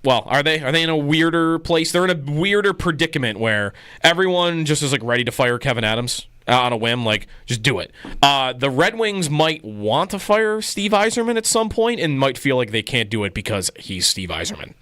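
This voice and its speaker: A man's voice: a little high, very animated, fairly quick, a bit bright, clear, resonant tone, dry recording. A man co-hosting a sports radio show in a studio, rattling off stats and ribbing his partner in casual banter. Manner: stat-heavy, joking, playfully stubborn. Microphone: studio microphone.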